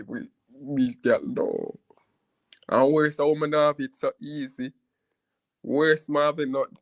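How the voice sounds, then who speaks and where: A man rambles through a personal story in a casual, looping way, often checking in with his listener. His voice sits a bit high for a man. The recording is dry and close, with no room sound. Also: a bit bright, no room sound. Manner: rambling, repeats "you see me" often; frequent laughs and restarts while telling.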